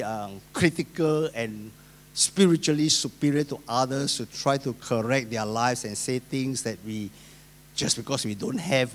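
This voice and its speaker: A male pastor with a Singaporean English accent preaches a sermon in a mid-range voice. He swings between loud emphasis and soft asides, acting out the voices of the people he quotes.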